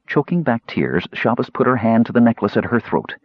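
A man's voice: mid-range voice, a little fast, no echo, lo-fi sound. A man narrating a fantasy audiobook expressively, shifting his delivery for each character. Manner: expressive, changing voices for characters.

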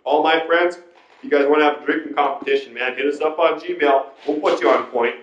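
A man's voice: a little high, steady tone, a little fast. Profane rambling podcast guy, roomy lo-fi. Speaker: podcast host. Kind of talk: casual chat. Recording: roomy, dull lo-fi sound.

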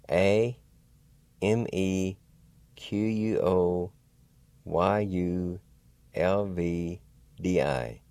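A man hosting a radio language lesson, slowly spelling words out letter by letter and sounding out syllables in an encouraging, folksy way. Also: low voice, creaky, warm tone, no room sound. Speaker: radio host and language teacher.

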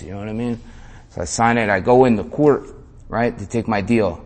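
A man's voice: mid-range voice, normal speed. A man telling a story in an interview in a casual way, full of slang, swearing and "man". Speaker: interview guest.

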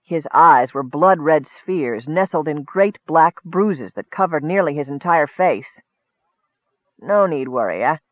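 A man reading a fantasy story aloud in steady narration. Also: a little high, a little slow, few pauses, no room sound. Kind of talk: audiobook narration. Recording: tinny phone-like line, dry.

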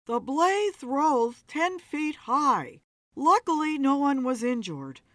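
A woman's voice: high voice, big pitch swings, slow, a bit bright, no echo, clean studio sound, pitched above the performer's own voice, heavily acted. A woman voicing a female TV news reporter with a lisp, in an announcing delivery.

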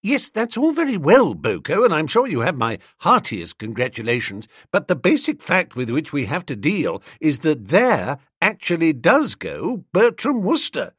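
A man voicing an idle, chatty young English gentleman in an audiobook, with a husky voice. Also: on the high side, huge pitch swings, normal speed, hardly any pauses, no echo, clean studio sound, voice pushed up, heavily acted. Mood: fretful. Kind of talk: audiobook character reading.

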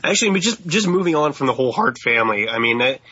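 Guy cohosting a podcast, bright husky voice, dry dull sound, animated storyteller. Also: mid-range voice, rapid-fire, dry recording. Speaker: podcast co-host. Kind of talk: casual podcast chat.

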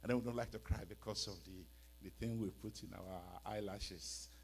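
A man with a West African accent preaching a sermon in a church, dramatic and mocking, dropping to a hush and then shouting. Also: lowish voice, fairly even intonation, moderate pace, vocal fry, a little hiss or hum.

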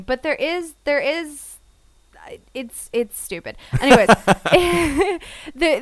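A woman's voice: fairly high pitch, fairly bright tone, clear, resonant tone, no echo. A woman co-hosting a casual podcast, reviewing an anime with playful sarcasm and frequent laughs. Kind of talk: casual chat.

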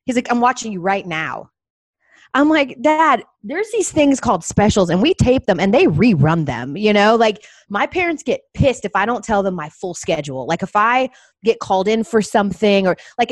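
Animated young woman spinning anecdotes. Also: moderate pace, no echo. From Atlanta, US. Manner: animated, acts out her dad's voice with big pitch jumps. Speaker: sports TV anchor, podcast guest. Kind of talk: casual storytelling chat.

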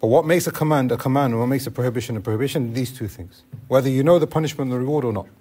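A man's voice: medium pitch, very fast, darkish tone, breathy edge. A man teaching a classroom lesson on Islamic law, explaining step by step and asking the class questions.

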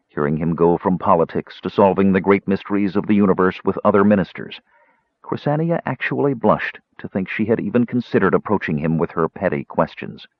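A man's voice: deep voice, dry recording. A man narrating a fantasy novel aloud as a storyteller, in a dull, dry, lo-fi recording. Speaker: audiobook narrator.

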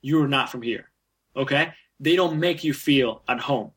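Spanish-native male guest, American-trained English, talkative and full of restarts, bright tone. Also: mid-range voice, unhurried, breathy edge. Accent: American-trained English over a Spanish background. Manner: chatty, many restarts and fillers. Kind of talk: casual interview.

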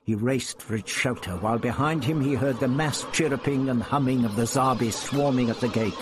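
A man's voice: mid-range voice, a little fast, noisy background. A man reading a science fiction novel aloud with vivid, dramatic storytelling. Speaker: audiobook reader.

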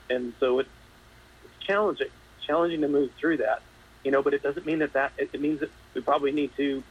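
A man, a state representative in a live news interview, speaking earnestly and haltingly, still emotional. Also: medium pitch, gravelly, husky, poor audio. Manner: earnest, halting, repeats words.

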